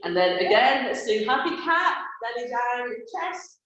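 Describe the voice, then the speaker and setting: A woman's voice: fairly high pitch, very animated, a little slow, fairly bright tone, highs cut off. A woman leading a live children's yoga class, giving playful, encouraging step-by-step cues. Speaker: kids yoga teacher. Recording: very echoey room.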